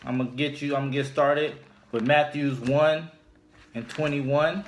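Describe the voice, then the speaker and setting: A man teaching scripture informally, speaking deliberately and repeating his key points for emphasis. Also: mid-range voice, a little hiss or hum. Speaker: religious teacher.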